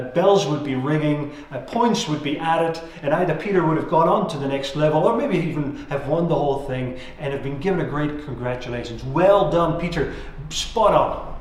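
A man's voice: on the high side, a little fast, few pauses. A man preaching a sermon, earnest and reflective, letting his voice sink at the end of key phrases. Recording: very echoey room.

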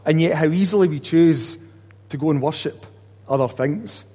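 Pastor giving a sermon, kinda husky voice, lots of echo in the hall. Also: male voice, fairly high pitch, normal speed, mellow. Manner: conversational preaching with rhetorical questions.

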